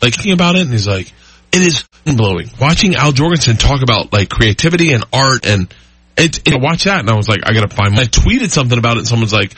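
A man guesting on a podcast, telling rambling, excitable stories with frequent laughter in casual chat. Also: medium pitch, fast, breathy edge, dry recording. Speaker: comedian guest.

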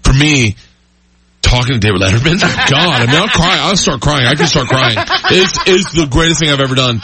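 A man guesting on a podcast, telling rambling, excitable stories with frequent laughter in casual chat. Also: a little high, moderate pace, over a noisy crowd. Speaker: comedian guest.

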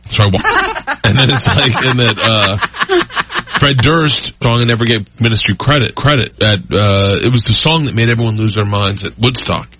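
A man guesting on a podcast, telling rambling, excitable stories with frequent laughter in casual chat. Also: medium pitch, a little fast, few pauses, slight background noise. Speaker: comedian guest.

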